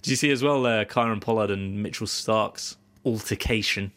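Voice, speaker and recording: A man's voice: on the low side, normal speed, fairly bright tone. A man co-hosting a podcast, telling stories in a rambling, self-mocking way. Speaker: podcast co-host. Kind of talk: casual chat.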